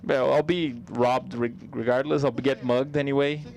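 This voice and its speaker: A man's voice: medium pitch, steady tone, a little mellow. Man interpreting a comedy set live. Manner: conversational, halting delivery with frequent restarts.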